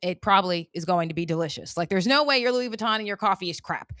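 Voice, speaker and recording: A woman hosting her own channel, talking through a casual commentary monologue in an animated, emphatic and colloquial way. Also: lowish voice, quick pace, no room sound, studio quality. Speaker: channel host.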